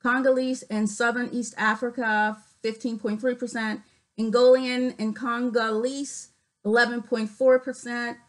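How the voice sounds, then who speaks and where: A woman vlogging casually, reading figures off her screen with many fillers and pauses, her voice cutting in and out. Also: on the high side, little pitch movement, poor audio. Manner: reads figures aloud haltingly with many fillers. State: voice cuts in and out.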